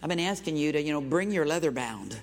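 A fairly high-pitched man preaching to his congregation and calling on them to repeat phrases back. His voice carries the long reverb of a large church hall. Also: lively intonation, fast talker, gravelly. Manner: exhorting, has the congregation repeat phrases after him. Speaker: pastor. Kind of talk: sermon. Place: church sanctuary.

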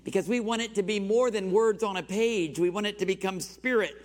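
A fairly high-pitched man preaching to his congregation and calling on them to repeat phrases back. His voice carries the long reverb of a large church hall. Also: brisk. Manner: exhorting, has the congregation repeat phrases after him. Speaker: pastor. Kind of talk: sermon. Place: church sanctuary.

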